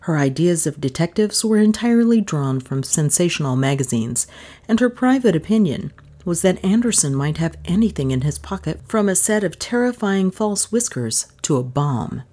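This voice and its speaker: Woman reading a novel out loud, low voice, lots of ups and downs. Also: normal speed. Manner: expressive storytelling. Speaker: audiobook narrator. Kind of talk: scripted narration.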